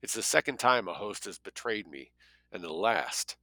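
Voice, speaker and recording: A man reading the lines of a controlling man on the run, with flat, clipped replies. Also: on the low side, moderate pace, dry recording. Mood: terse. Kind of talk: audiobook character voice.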